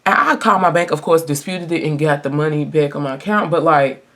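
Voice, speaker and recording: A woman's voice: low-pitched, a little fast. Chatty young woman telling a storytime. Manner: chatty and emphatic, addresses viewers as y'all. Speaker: vlogger. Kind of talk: casual storytime while getting ready.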